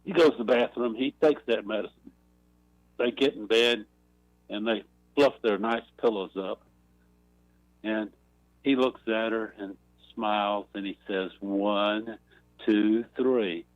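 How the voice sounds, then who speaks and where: A man calling a talk radio show and slowly telling a long joke, clearing his throat along the way. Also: on the low side, fairly even intonation, no echo, highs cut off. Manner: slow rambling storyteller, clears throat. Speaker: caller.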